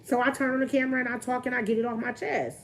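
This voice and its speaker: A woman's voice: fairly high pitch, steady tone, rapid-fire, slight background noise. A young woman, venting candidly on her livestream and greeting viewers as she talks. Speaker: vlogger on a livestream.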